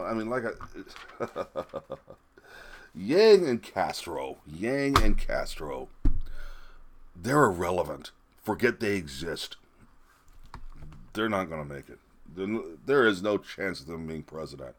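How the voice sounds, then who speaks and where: A middle-aged man ranting sarcastically into a webcam, mocking and rambling with restarts. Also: sits low. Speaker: political commentator.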